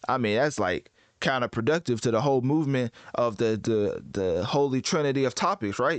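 A man giving casual commentary as host, rambling and correcting himself in relaxed slang. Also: mid-range voice, a little fast, few pauses, no room sound. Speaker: host ranking rappers.

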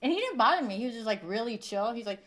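Rapid-fire and very animated, a woman with a slightly high voice hosts a chatty podcast. She tells stories full of profanity and laughs a lot along the way.

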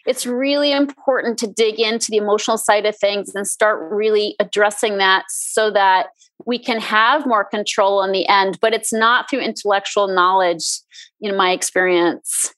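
A woman health coach talking casually in an interview, chatty and animated, often laughing and acting out her own inner thoughts. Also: medium pitch, normal speed, no echo. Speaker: health coach, podcast guest.

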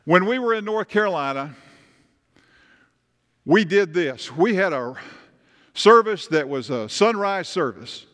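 Preaching in a church sanctuary, a pastor speaks in a high, fairly bright, animated voice, a little slow and with frequent pauses. His sermon is conversational, and he often asks the congregation questions. The recording carries the long reverb of a church hall.

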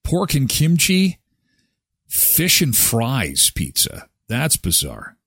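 A man's voice: medium pitch, takes it slowly, breathy edge, no echo, clean studio sound. A man hosting a live daily show in casual chat, reacting with exclamations and jokes. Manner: animated, exclaiming and joking.

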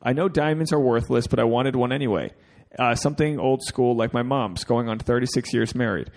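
A podcast co-host with a brisk, slightly mellow mid-range voice reads a listener's email aloud. He's jokey, tosses in crude asides, and gets teary.

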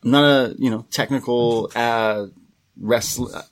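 A man's voice: mid-range voice, a little slow. Rambling man recapping in casual chat. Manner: relaxed, rambling play-by-play with fillers. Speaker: podcast co-host.

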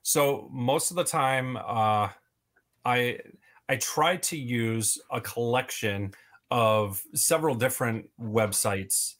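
A man's voice: mid-range voice, slow pace, a bit bright. Rambling man with many fillers. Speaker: podcast guest, toy video creator. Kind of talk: casual interview chat.

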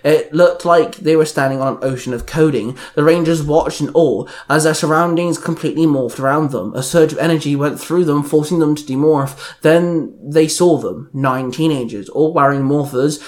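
A man's voice: a little high, moderate pace, few pauses. A young man reading his own superhero fan story aloud, telling it plainly with small slips and raising his voice for the characters' lines. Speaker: fan fiction reader.

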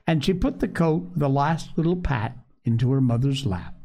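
A man reading a children's story aloud, gentle, expressive and unhurried. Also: mid-range voice, creaky.

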